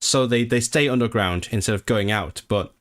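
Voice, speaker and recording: A man's voice: medium pitch, moderate pace, no echo. Chatty young man streaming, dry sound. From Hong Kong. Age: late 20s. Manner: chatty, excitable, many restarts. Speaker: livestream host. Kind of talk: casual chat with stream viewers.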